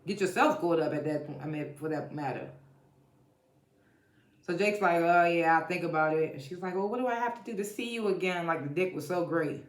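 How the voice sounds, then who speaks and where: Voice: mid-range voice, a little fast. A TV show reviewer giving a casual episode recap, blunt and profane, laughing often while retelling scenes. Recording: echoey room.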